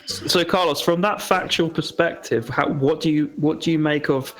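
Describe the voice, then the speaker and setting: A man's voice: on the high side, moderate pace, fairly bright tone, rough recording. A man hosting a casual discussion, prodding the others with questions.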